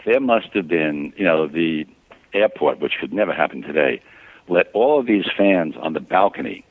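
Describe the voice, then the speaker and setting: An older man who is a photographer, a guest in an interview, recalling shoots in an easygoing, relaxed way full of "you know.". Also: on the low side, narrow, tinny audio. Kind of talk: casual interview chat.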